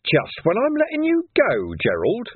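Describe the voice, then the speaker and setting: A man plays a sly police commander who needles a prisoner with dry, mock-cheerful menace. His voice is husky and rises and falls a lot, heard through a narrow, dry, phone-like sound. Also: very high voice, huge pitch swings, measured pace, dry recording, pitched above the performer's own voice, exaggerated voice. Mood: sardonic. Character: shrewd, sardonic male police commander.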